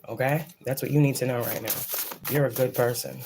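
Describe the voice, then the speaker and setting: A woman's voice: very deep voice, fairly even intonation, a little fast, creaky, noisy background. A woman giving a casual psychic reading, blunt and profane, who repeats phrases for emphasis. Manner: blunt and profane, rambling, preachy. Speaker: psychic reader. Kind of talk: casual channeled spiritual reading.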